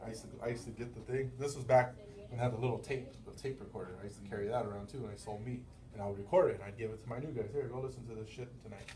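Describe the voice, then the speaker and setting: Man, middle-aged, sales manager, lively storytelling, laughing, roomy sound. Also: lowish voice, very fast. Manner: animated storytelling, acting out quotes; loose, profane, laughing often. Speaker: sales manager and business owner. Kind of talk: motivational team meeting talk. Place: meeting room. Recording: roomy, from far off the mic.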